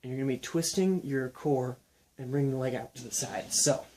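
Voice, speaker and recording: A young man explaining and demonstrating ab exercises in a casual, relaxed way while counting reps aloud. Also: mid-range voice, a little fast. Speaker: fitness instructor.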